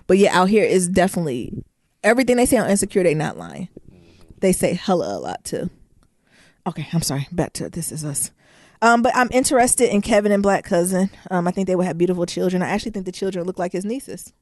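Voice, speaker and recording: Animated, profane young woman podcaster. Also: on the low side, fast, no room sound, clean studio sound. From Detroit. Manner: animated, profane, laughing asides. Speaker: podcast co-host. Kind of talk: casual chat.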